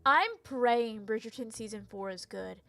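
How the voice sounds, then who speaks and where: A woman's voice: fairly high pitch, unhurried, creaky, sharp tone, soft background music. A young woman streamer chatting casually and ranting animatedly about TV shows, laughing and tripping over her words. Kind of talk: casual chat, live stream rant.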